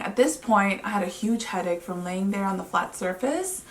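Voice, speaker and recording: Chatty young mom in an echoey room. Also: female voice, mid-range voice, normal speed. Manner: chatty, excitable, many "like" fillers. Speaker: vlogger and mother. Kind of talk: casual storytelling to camera. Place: home living room. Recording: roomy echo, mic at a distance.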